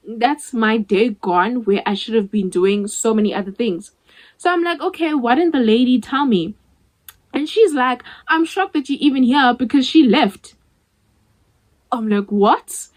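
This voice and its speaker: A woman's voice: on the high side, animated, unhurried, poor audio. A young South African woman in her twenties telling a storytime vlog in a chatty way, acting out the dialogue with many "like" fillers. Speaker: vlogger.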